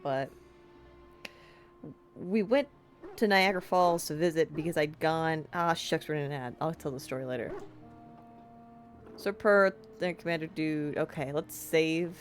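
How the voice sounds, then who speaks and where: Low-voiced chatty American woman streamer. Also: measured pace, pauses often, soft background music. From United States. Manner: chatty, rambling, upbeat, lots of "like". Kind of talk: casual let's-play chat.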